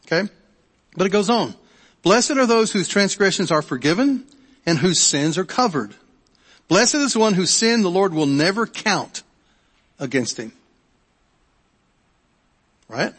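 Here a middle-aged pastor preaches with a high, breathy, fairly bright voice, very animated yet measured in pace, with long pauses. He talks conversationally, repeating words, restarting, and asking the congregation questions. The recording carries the long hall reverb of a church sanctuary.

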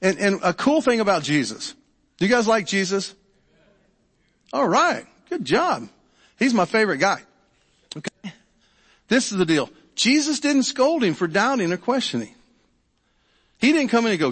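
Brief: middle-aged male pastor, fairly high voice, casual stop-start delivery, church hall reverb. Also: sing-song, moderate pace, pauses often, a bit bright, husky. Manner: conversational, repeats words, checks in with the congregation. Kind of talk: sermon. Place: church sanctuary.

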